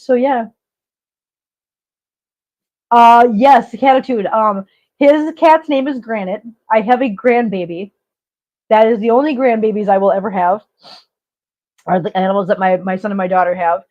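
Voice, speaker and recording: Slightly high and a little mellow, her voice holds a steady tone at a moderate pace. The middle-aged woman hosts a relaxed livestream chat full of stories and frequent laughter, captured in dull lo-fi audio.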